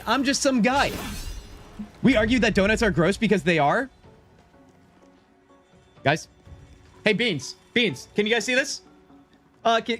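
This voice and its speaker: A man commentating his gameplay on a live stream, bouncing all over a fairly high voice as he jokes with his chat. He keeps an easy, playful back-and-forth with viewers while playing, with soft music underneath. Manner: playful, chatty, talks straight to his chat. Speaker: game streamer.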